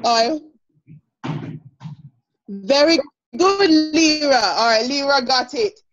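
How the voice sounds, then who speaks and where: Woman teacher with a Jamaican accent on a muffled video call; lively and encouraging, a touch high-pitched. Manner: brisk, encouraging, laughs often. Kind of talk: online classroom lesson.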